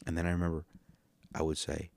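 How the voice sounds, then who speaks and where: A man's voice: low-pitched, fast talker, creaky, no room sound. A man hosting a podcast, telling stories and giving rambling, profane comedic commentary on videos. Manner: rambling, profane, animated storyteller. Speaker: podcast host reacting to videos.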